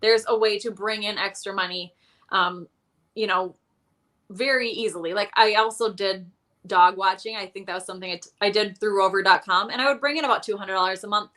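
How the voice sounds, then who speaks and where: A woman's voice: mid-range voice, steady tone, brisk, bright, forceful tone. A woman guest in casual interview chat, telling her money story candidly with a self-deprecating streak and many fillers.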